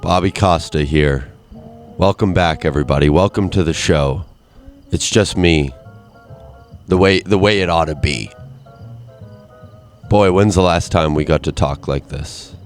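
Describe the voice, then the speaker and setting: A man's voice: deep voice, measured pace, pauses often, soft background music. A man hosting a solo comedy podcast from his basement, rambling and self-mocking, and working himself up into exasperated rants. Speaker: podcast host. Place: home basement.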